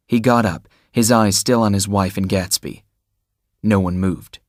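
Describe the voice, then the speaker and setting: A man narrating an audiobook in a steady, measured storytelling manner on a close mic. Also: lowish voice, no echo. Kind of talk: scripted narration.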